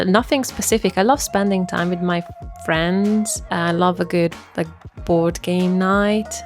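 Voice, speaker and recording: A woman's voice: medium pitch, creaky. A woman from Hungary with a Hungarian accent, chatting casually and self-deprecatingly, with plenty of "like", in a get-to-know-me vlog. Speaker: vlogger.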